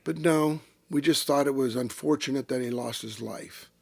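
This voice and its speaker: A man's voice: mid-range voice, moderate pace, creaky, dry recording. An older man, telling salty, profane racing stories in a casual interview. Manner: salty, profane, animated storyteller. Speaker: retired race car driver, interview guest. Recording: dry close-miked studio sound.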